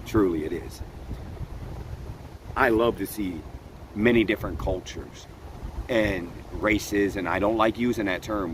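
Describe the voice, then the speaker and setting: A man's voice: on the low side, slight background noise, low-quality recording. Earnest man giving an outdoor pep talk. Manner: earnest, preachy, laughs often. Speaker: vlog host. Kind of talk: motivational live-stream talk.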